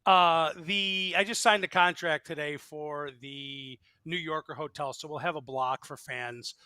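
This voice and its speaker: A man's voice: a little high, unhurried, clear, resonant tone, no echo. A man talking on a podcast panel in casual chat, emphatic and opinionated. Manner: animated, emphatic, opinionated asides.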